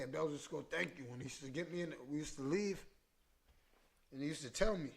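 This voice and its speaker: Emotional man telling stories in street slang. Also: a little high. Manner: street slang, repeats phrases for emphasis. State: emotional, choked up. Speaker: podcast host. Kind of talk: emotional casual storytelling.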